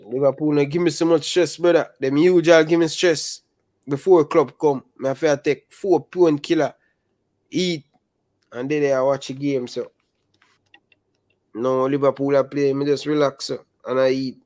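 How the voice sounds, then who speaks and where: A young adult man with a Jamaican accent, chatting casually about football in animated patois. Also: fairly high pitch, moderate pace, no room sound. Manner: animated, speaks Jamaican patois and calls listeners brother. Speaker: football channel host. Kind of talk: casual chat.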